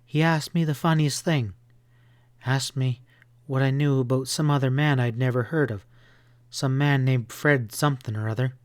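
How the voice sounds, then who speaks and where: A man's voice: mid-range voice, fairly even intonation, normal speed, no room sound, lightly acted. A man voicing a frightened young woman who entertains at a hotel in a western audiobook, pleading and rising into hysteria. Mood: worried.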